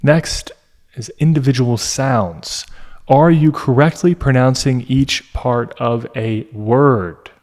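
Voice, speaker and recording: Man, English test tutor, unhurried pace, mid pitch, teacherly and deliberate. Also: a little mellow. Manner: slow, deliberate, teacherly with pauses. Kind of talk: explanatory lesson.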